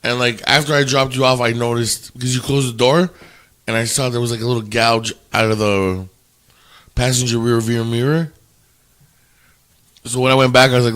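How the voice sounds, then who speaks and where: A man hosting a casual podcast chat, telling animated stories full of swearing and stammered restarts. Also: medium pitch, normal speed, long pauses. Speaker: podcast host.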